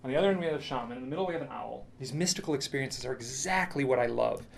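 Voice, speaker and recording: A man's voice: mid-range voice, very fast, creaky. A man presenting a lecture with slides, telling a story with enthusiasm, many restarts and asides.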